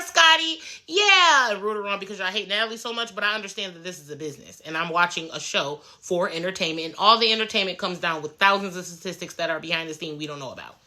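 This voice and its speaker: Woman, bright ringing voice, blunt and sassy, profane, casual reality-show commentary. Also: mid-range voice, rough recording.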